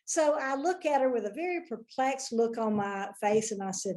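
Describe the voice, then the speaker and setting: A woman with a Southern US accent telling a folksy, lively story as a motivational speaker. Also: fairly high pitch, a little fast, few pauses.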